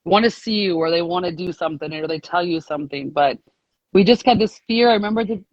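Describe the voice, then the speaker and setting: A woman's voice: lowish voice, fast, no room sound. Woman, guest, chatty, rambling, laughs often, dull lo-fi call audio, dry. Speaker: guest sharing a success story. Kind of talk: casual storytelling on a live call.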